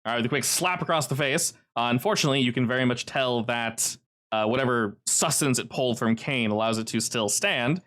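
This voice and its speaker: A man narrating as game master for a tabletop session over an online call. His voice sits at an ordinary middle pitch and keeps leaping up in excitement as he describes the action. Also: a little fast. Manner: lively narration with animated pitch jumps.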